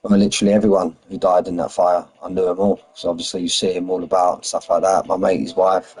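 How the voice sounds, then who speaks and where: Husky London man chatting on a stream. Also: low voice, little pitch movement, quick pace, a little mellow, rough recording. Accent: London English. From London, England. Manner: chatty, says "mate" constantly, reads out lap times and answers chat. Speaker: racing game league streamer. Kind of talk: casual live-stream chat. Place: home in Spain.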